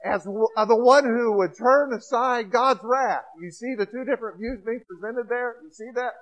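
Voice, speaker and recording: High-voiced preacher with hushed-to-loud swings. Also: male voice, moderate pace, dull audio. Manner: dynamic, swings from hushed storytelling to loud emphatic points. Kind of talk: sermon.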